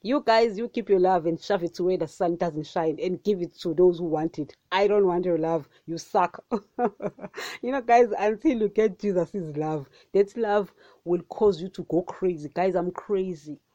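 Woman rambling about her faith on a podcast, keeps saying guys, mellow tone, dry muffled audio. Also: fairly low pitch, unhurried, no echo. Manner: excitable, repetitive, addresses listeners as guys. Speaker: podcast host. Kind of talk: casual devotional podcast talk.

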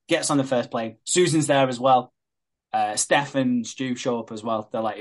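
A man's voice: mid-range voice, measured pace. A man with a mid-range voice tells a story in casual chat, swearing freely. He slips into quoted voices as he recaps scene by scene. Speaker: podcast co-host.

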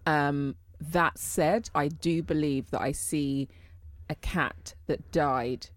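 Low-pitched woman, rambling casual chat, dry sound. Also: fairly even intonation, slow, no room sound. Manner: rambling, full of fillers. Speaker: podcast co-host.

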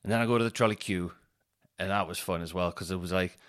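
A man's voice: low-pitched, fast, a bit bright. A man hosting a podcast, telling a rambling, sweary shopping story and laughing as he goes. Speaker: podcast host. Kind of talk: casual storytelling monologue.

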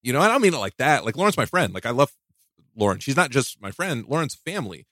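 A man hosts a podcast in a loose, rambling way. He stumbles through restarts and jokes about himself, and he often laughs. His voice sits at an ordinary middle pitch and sounds dry and close to the mic, with no room around it. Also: sing-song, quick pace, fairly bright tone, no echo. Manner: rambling, self-mocking, many restarts and laughs. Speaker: podcast host. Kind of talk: casual podcast chat.

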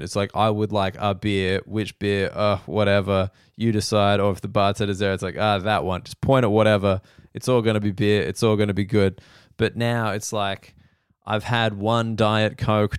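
An Australian comedian talks on his own podcast, rambling from one gripe to the next and swearing casually as he goes. His voice is smooth and clear. The sound is close and dry, with no room around it. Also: medium pitch, no room sound. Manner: rambling, profane, mimics people in quoted asides. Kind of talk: solo comedic monologue. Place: quiet room at night.

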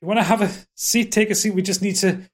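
A man voicing a nervous, polite elf wizard captain who speaks in a flustered, apologetic way, a little higher than his usual voice. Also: steady tone, quick pace.

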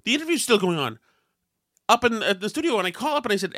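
A man with a somewhat high, bright and sharp voice who hosts a podcast and spins a self-deprecating anecdote with verve. He acts out every line of dialogue. The sound is dry and close to the mic, with no room in the background. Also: quick pace, no echo. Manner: self-deprecating, animated storytelling with acted quotes. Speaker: podcast host. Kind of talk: casual storytelling chat.

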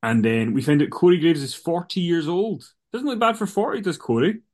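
A man's voice: a little high, expressive, brisk, a little mellow. A man co-hosting a wrestling podcast in casual chat, rambling, with frequent restarts. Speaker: podcast co-host.

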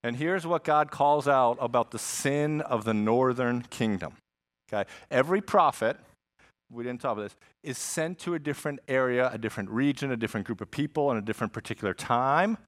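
A man preaching a sermon as a pastor, teaching in an animated style with asides and jokes. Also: medium pitch, brisk.

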